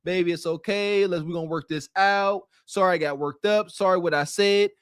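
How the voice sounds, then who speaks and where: A man hosting a podcast, lecturing in animated commentary and acting out quotes. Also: high voice, a little fast, smooth, no echo, studio quality. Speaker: podcast host. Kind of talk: casual commentary on a clip.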